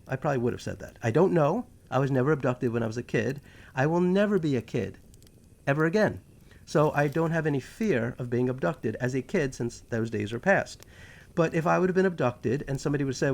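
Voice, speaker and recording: Gravelly New York man, animated and digressive. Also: on the high side, normal speed. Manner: animated, digressive, sarcastic asides. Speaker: podcast host. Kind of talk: casual monologue.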